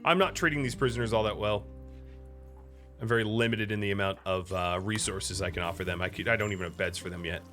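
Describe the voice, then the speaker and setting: A man's voice: fairly low pitch, quick pace, fairly bright tone, soft background music. An American man from the United States giving casual, chatty commentary while streaming a game, talking to viewers between moves. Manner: chatty, talks to chat and to his pet between game moves.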